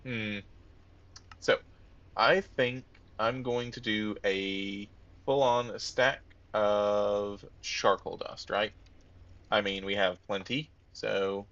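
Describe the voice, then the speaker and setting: Low, gravelly man muttering through a game. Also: steady tone, takes it slowly, a bit bright, lo-fi sound. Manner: muttering, thinking aloud while playing. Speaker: let's-play gamer. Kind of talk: casual gameplay commentary.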